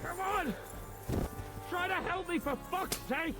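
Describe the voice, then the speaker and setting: A crude, frantic medieval lord in a video game. He shouts and curses in a very high voice. Loud game music plays behind him. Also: takes it slowly, exaggerated voice. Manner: shouting, cursing.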